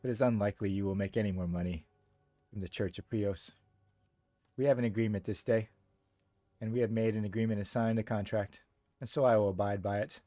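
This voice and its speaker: A man's voice: on the low side, steady tone, brisk, long pauses, warm tone, no room sound, faint music behind, lightly acted. A man voicing a proud, cold priest in a tabletop game, speaking formally and loftily. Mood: haughty.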